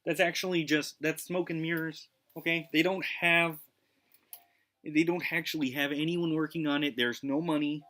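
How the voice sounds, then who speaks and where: A man's voice: a little high, fairly even intonation, normal speed, pushed and bright, voice pushed up. A man imitating a skeptical friend who dismisses things bluntly, hedging as he talks. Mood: dismissive.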